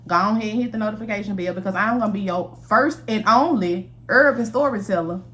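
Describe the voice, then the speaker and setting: A woman's voice: medium pitch, fast, a bit bright. A woman storyteller giving a casual, chatty storytime narration straight to the camera, swearing freely as she talks to viewers. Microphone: camera mic, recorded to camera.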